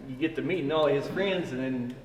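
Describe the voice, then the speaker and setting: A firefighter, recalling a friend in a relaxed chat and laughing as he tells it. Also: medium pitch, a little fast. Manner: relaxed, laughs while telling. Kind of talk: casual storytelling. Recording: roomy, distant mic with background hum.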